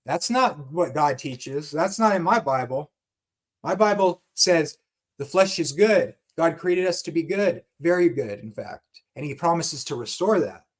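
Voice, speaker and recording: A man teaching about the Bible in a fervent, excited way, often repeating words as he goes. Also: on the high side, a little slow. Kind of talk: passionate teaching talk.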